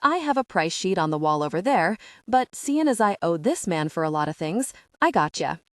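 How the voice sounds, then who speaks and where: Woman doing a gruff Southern tattoo artist. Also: fairly low pitch, big pitch swings, normal speed, no echo, clean studio sound. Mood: friendly. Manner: mumbling, gruff.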